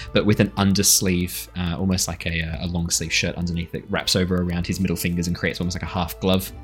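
A man's voice: low-pitched, a bit bright, husky. A man narrating as game master of a tabletop game, laughing often and swearing casually.

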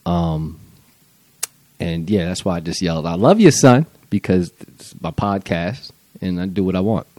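Loose, rambling man with a dark voice. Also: low voice, flat delivery, unhurried, no room sound. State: high on mushrooms. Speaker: podcast host. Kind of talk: rambling comedic monologue.

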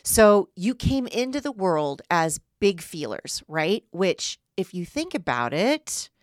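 A woman hosts a solo podcast, talking in an earnest, explanatory way. Her voice sits a little low, and the recording is dry and close with no room sound. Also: very animated, takes it slowly, no room sound. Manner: earnest, explanatory, often asks "right?". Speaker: podcast host and human design coach. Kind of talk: solo podcast teaching talk.

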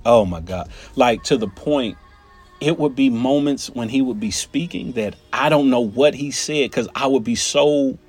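A man telling a personal story in an animated, conversational way, often turning to his listeners with "right?" and "y'all". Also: medium pitch, measured pace, slightly rough, soft background music.

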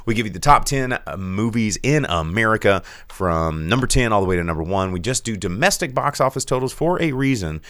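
A man co-hosting a casual live-streamed show, reading viewer chat and breaking into silly high cartoon voices. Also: expressive, fairly quick, hardly any pauses, fairly bright tone, no echo. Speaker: podcast co-host reading Twitch chat.

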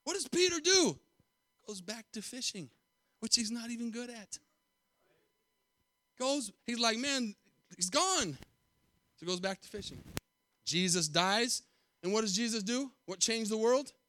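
Pastor, man, high voice, dry close sound; emphatic sermon with repetitive call-outs, hushed to loud. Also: lively intonation, moderate pace, pauses often, no echo.

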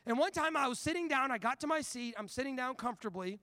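A man preaching a sermon, telling a personal story in an animated, conversational way before turning to scripture. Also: very high voice, fast talker, dry recording. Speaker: pastor.

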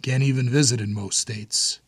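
A man's voice: medium pitch, steady tone, normal speed, slightly rough, no room sound, natural voice. A man voicing a grim, blunt hardened older brother in an audiobook.

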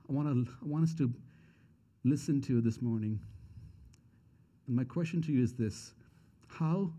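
A man's voice: fairly high pitch, mellow. Earnest man preaching a sermon. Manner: earnest, repeats key questions for emphasis. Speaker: pastor.

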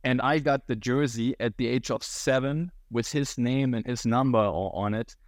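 A German man in his thirties talks in a relaxed, reflective way, his English carrying a faint Cork lilt. His voice sits at an ordinary middle pitch. The sound is dry and close, with no room around it. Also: normal speed, no echo. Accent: German, with a touch of Cork Irish. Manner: relaxed and reflective, slightly non-native phrasing. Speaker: podcast guest. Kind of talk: casual interview talk.

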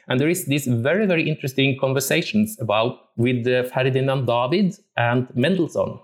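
Thoughtful music teacher, man. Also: medium pitch. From Norway. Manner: thoughtful, searching for words. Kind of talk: reflective talk on musical interpretation.

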